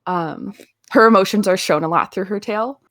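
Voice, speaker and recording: A woman's voice: medium pitch, normal speed, a bit bright, dry recording. Woman player, casual narration, hesitant, dry recording. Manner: hesitant, many fillers.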